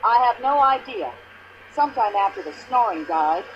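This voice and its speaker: An actress playing a pushy, indignant older American widow in a mystery video game, complaining at length in a shrill voice. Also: female voice, animated, normal speed, a bit bright, lo-fi sound, a little hiss or hum, natural voice. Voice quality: shrill, complaining, long-winded.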